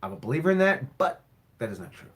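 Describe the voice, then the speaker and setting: A man's voice: medium pitch, very animated, fast talker. A man who owns and coaches a wrestling school, answering viewer questions in a casual live stream, rambling, repeating himself and swearing now and then.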